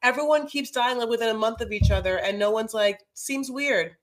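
A woman's voice: on the high side, fast talker. A woman co-hosting a podcast, chatting casually and gossiping with lots of fillers. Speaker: podcast co-host. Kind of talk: casual recap chat.

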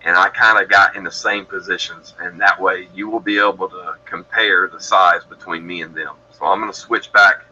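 A man's voice: sits low, fairly even intonation, normal speed, hardly any pauses, pushed and bright, dull audio, slight background noise. A man from Georgia in the US, telling his story as a podcast guest in a rambling, matter-of-fact way that keeps correcting itself. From Georgia, USA. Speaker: guest describing encounters.

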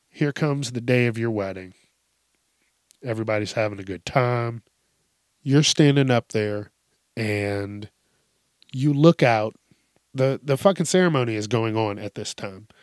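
Young man, slow unhurried delivery, dry close sound, profane, laughing, mock-outraged commentary. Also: mid-range voice, no room sound. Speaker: story commentator. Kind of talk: casual commentary on reader stories.

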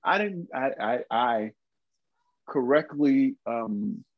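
A man co-hosting a podcast in casual chat, halting and comically rambling. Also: mid-range voice, expressive, no room sound. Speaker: podcast co-host. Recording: dull dry sound.

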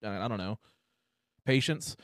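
A man's voice: on the low side, unhurried, dry recording, studio quality. An American man hosting a podcast, joking crudely and animatedly with his co-host. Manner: profane, animated, jokey. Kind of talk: crude casual podcast banter.

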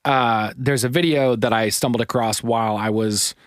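A man's voice: mid-range voice, steady tone, moderate pace, no room sound, clean studio sound. A man co-hosting a podcast in casual chat, rambling with lots of fillers and retelling stories. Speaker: podcast co-host.

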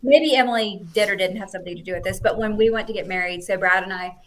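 A woman on a podcast, chatting casually and telling a story in animated bursts, quoting people in lively voices. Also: medium pitch, fast talker. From United States. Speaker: podcast guest.

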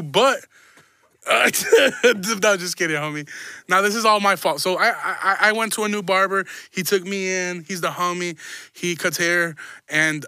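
Young male podcast host, crude rambling self-deprecating comic, bright edgy tone, dry close mic. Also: high voice, no room sound. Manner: profane, rambling, self-mocking. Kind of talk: crude comedic podcast monologue.

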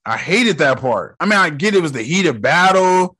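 A young man giving casual movie reaction commentary, animated and profane, with loud exclamations. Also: fairly high pitch, normal speed, slightly rough.

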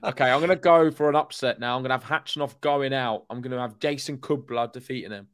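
Man, podcast co-host, casual chat, teasing, reads live chat, mid-pitched voice. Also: quick pace, fairly bright tone, smooth.

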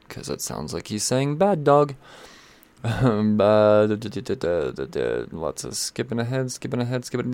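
A man hosting a casual weekly rundown of new comic books, rambling and offhand with fillers, stalls and asides. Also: medium pitch. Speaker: comic book channel host.

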